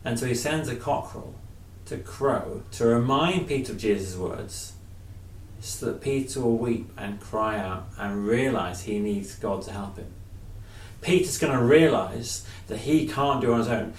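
A man's voice: medium pitch, roomy sound, a little hiss or hum. Distant man preaching to children. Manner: chatty, asking the children questions. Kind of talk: children's sermon.

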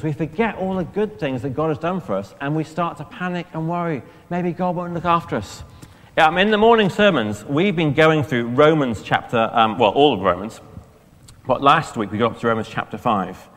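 A man's voice: fairly high pitch, moderate pace. Preacher, male, raised voice, chatty all-age sermon, big echoing church. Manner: lively, conversational, asks the children questions. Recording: long church reverb.

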